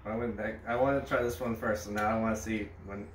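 A man chatting casually at home, telling a story in a relaxed way with small restarts. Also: fairly low pitch, fast talker, slight background noise. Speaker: family friend.

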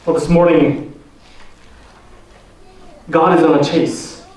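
A man preaching a sermon as pastor, posing slow, deliberate rhetorical questions to the congregation. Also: on the high side, little pitch movement, darkish tone, recorded from a distance. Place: church sanctuary. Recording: echoey church hall, voice from off the mic.

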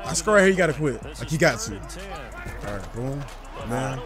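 A young man from the American South with a Southern accent, giving loud, joking trash talk over an online game. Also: mid-range voice, big pitch swings, normal speed. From southern United States. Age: young adult. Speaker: gaming YouTuber. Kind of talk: casual gaming commentary. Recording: music playing behind.

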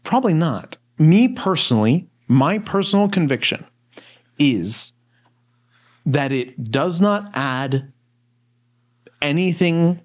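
A man's voice: a little high, slow pace, long pauses. Chatty man, casual storyteller. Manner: relaxed, rambling storyteller with many fillers. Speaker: podcast co-host. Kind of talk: casual Bible study chat.

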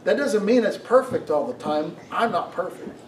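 A middle-aged man preaching a sermon as pastor, telling stories in an animated way and asking the congregation questions. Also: high voice, normal speed, slight background noise. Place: church sanctuary. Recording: echoey room, mic from a distance.

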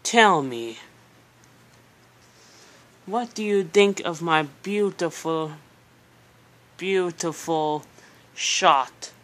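Lady voicing a smug pink-mustache doc guy, pompous and shushy, kinda low. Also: lively intonation, drawn-out words, pauses often. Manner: pompous, shushing, falsely soothing. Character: smug male doctor interviewer with pink mustache. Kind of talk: comedic parody role-play.

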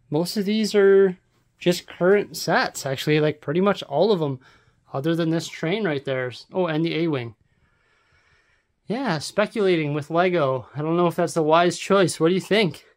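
A man with a fairly high voice chats casually through a home vlog. He rambles loosely and keeps dropping little fillers as he goes. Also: unhurried. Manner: relaxed, rambling, lots of "like" fillers. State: out of breath. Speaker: vlogger. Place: house, rooms and stairs.

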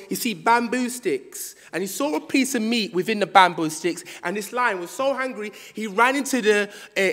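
Brief: high-pitched male preacher, British, animated sermon storytelling, church reverb. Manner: call-and-response, animated storytelling. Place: church hall.

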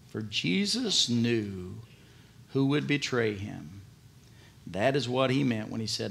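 A male pastor preaching a sermon, swinging between loud emphasis and hushed earnestness as he reads and explains scripture. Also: mid-range voice, animated, unhurried, creaky.

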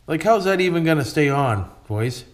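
This Canadian man's slightly high voice has lively intonation and a moderate pace. Narrating casually as he works on an RC truck for his hobby channel, he jokes folksily and keeps saying "boys" and "why wouldn't we"; echo and background noise fill the room.

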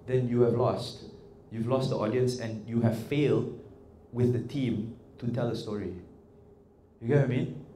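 A man leading an interactive workshop, talking in an animated, coaxing way and often checking in with the audience. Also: mid-range voice, a little hiss or hum. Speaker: workshop trainer. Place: indoor workshop room. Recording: echoey room with faint ambience.

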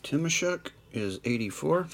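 A man whose voice sits a little high, expressive and with vocal fry, hosts a live trading card break over slight background noise. He calmly reads players and card numbers, tossing in wry remarks.

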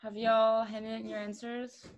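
A woman's voice: on the high side, monotone, measured pace, lo-fi sound. Chatty young woman from Luxembourg. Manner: chatty, loose, trailing fillers. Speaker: quiz round host. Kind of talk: casual online quiz chat.

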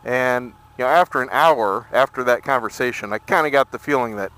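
A middle-aged man telling a story on a casual vlog while riding a motorcycle through town traffic, irritated but measured. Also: mid-range voice, fairly bright tone, clean tone. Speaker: motovlogger.

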